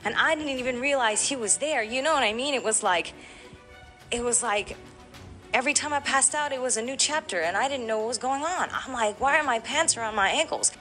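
A woman with a bright, somewhat high voice recounts a painful personal story as a podcast guest. She tells it with animated emotion, acting out the voices of others. Soft music plays underneath. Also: fairly quick. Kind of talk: candid podcast interview.

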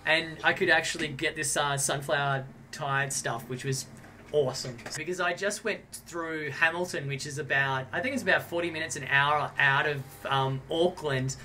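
An Australian man chatting as a podcast guest, bright and forward in tone. He tells his stories in a lively, animated way. A faint hiss of noise sits under the recording. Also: a little high, moderate pace. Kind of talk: casual chat.

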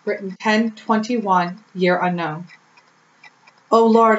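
A woman's voice: mid-range voice, steady tone, takes it slowly, pauses often, muffled recording. A woman reading her own devotional poem aloud in a pleading, earnest, prayerful way.

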